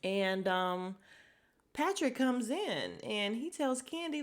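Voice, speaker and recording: A woman from hosting a podcast, recapping a reality show in casual chat, laughing often and jumping high when she quotes people. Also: lively intonation, moderate pace. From Chicago. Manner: chatty, laughing, quoting others in bursts of high pitch. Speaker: podcast host.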